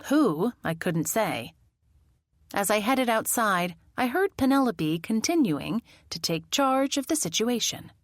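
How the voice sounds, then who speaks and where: A woman narrating a mystery audiobook in the first person, with expressive, lively storytelling. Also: a little high, unhurried, no room sound, clean studio sound.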